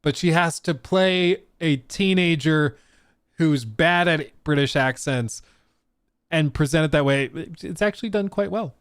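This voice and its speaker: A man's voice: a little high, a little slow, a bit bright, clean tone, no room sound. Man chatting on a dry-sounding stream. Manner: rambling, with many fillers and restarts. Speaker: streamer host. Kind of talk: casual livestream chat.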